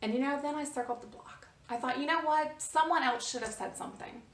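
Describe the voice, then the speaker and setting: A woman vlogger telling a personal story in a casual, animated way, often restarting her sentences. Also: sits high, brisk, echoey room, far from the mic. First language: English. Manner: animated, restarts often, rises when reliving the scene.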